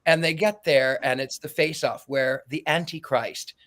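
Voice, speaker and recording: A man's voice: fairly high pitch, steady tone, a little slow, a bit bright. A man hosting a podcast, casually recapping a story's plot in a rambling way, stumbling and repeating words as he goes. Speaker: podcast host.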